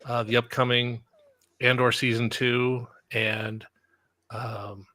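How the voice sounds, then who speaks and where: A man hurries through earnest plugs for his channels. His voice is bright and sharp, and the recording is dry and close. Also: mid-range voice, level tone, slow, no room sound. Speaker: guest. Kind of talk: casual live-stream chat.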